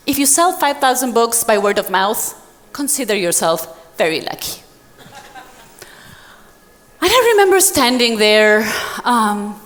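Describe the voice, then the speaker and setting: A motivational speaker delivers a storytelling keynote, recounting a personal story to an audience in a dramatic way. She's very animated, with a fairly bright tone and moderate pace, acting out other people's dialogue with big pitch swings, and a long hall reverb surrounds her voice.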